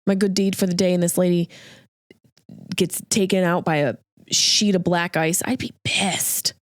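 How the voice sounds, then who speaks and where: Lady podcast host doing a funny story bit, jokey and animated, dry close sound. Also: on the low side, moderate pace, no room sound. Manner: animated, jokey, acts out quoted voices. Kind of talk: comedic storytelling monologue.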